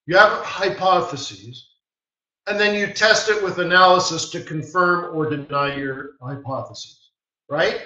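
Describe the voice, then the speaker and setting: A man's voice: fairly high pitch, unhurried, bright, forceful tone. A man hosting a live trading webinar, teaching in a blunt, emphatic way with short repeated commands. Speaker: forex market strategist hosting a live webinar. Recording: roomy, distant, dull-sounding mic.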